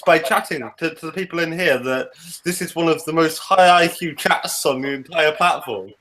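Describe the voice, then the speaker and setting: A man from England with a Kent accent, a guest in casual chat, halting and repeating words. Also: a little high, a bit bright, poor audio. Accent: English, Kent.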